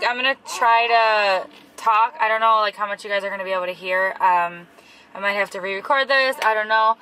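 A woman's voice: mid-range voice, brisk. A woman telling a story about her son in a casual vlog, chatty, full of fillers and restarts, while in a car. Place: in a moving car. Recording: loud road noise from a car.

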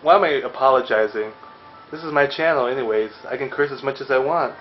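A man's voice: medium pitch, fast. Young guy cursing and joking through a game, kinda dull audio with game music faint underneath. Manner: joking, profane and playful. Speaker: let's play host. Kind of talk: casual gameplay commentary.

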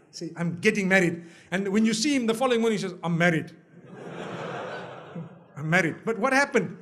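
High-voiced impassioned male preacher. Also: fairly bright tone. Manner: impassioned, rising to emphatic peaks, uses quoted voices. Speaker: Islamic preacher. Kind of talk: sermon. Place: lecture hall before an audience.

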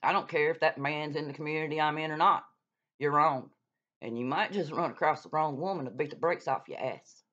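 A woman's voice: sits low, a little fast, fairly bright tone. Blunt, cussing woman. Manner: blunt, profane, scolding. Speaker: YouTube vlogger calling out another creator. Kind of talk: heated casual rant. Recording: dull lo-fi sound.

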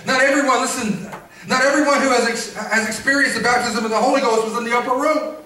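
A man's voice: very high-pitched, fast, pushed and bright. A male preacher giving a sermon in a church, repeating phrases and calling for responses from the congregation. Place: church sanctuary. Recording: echoey church from a distance.

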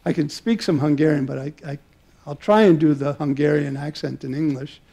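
An older man gives a public talk, his slightly high voice carrying a gravelly edge and a dark, mellow tone. He reminisces at length, stopping often on filler sounds as he gathers his thoughts. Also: fairly even intonation. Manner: halting, many filler pauses, warm reminiscing. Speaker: mathematician giving a public talk. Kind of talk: public lecture with personal anecdotes. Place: museum lecture hall before an audience.

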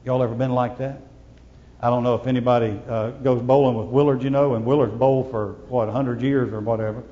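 A male pastor preaching a sermon, swinging from loud proclamation to hushed, intimate asides. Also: medium pitch, steady tone, a little fast, long reverb tail, highs cut off, slight background noise.

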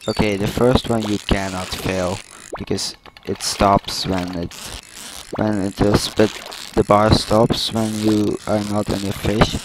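Slow, low-voiced man doing game commentary. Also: flat delivery. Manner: casual, chatty, explains gameplay. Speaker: gameplay video host. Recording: loud background noise.

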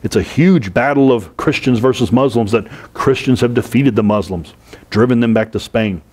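A man lecturing on medieval history to a class, explaining terms with repetition and slowing down to stress key words. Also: mid-range voice, a little mellow.

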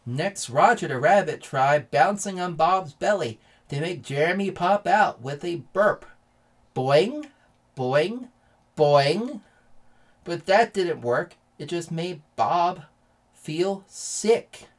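A man hosting his own channel, reading a children's picture book aloud slowly and then signing off. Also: a little high, animated. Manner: slow, deliberate reading.

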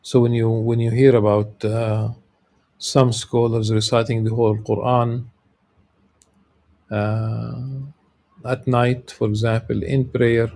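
Low gravelly guy lecturing, dark mellow tone, lots of uhs and restarts. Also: level tone. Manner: halting, frequent filler sounds and restarts. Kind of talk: lecture reading and explaining a religious text.

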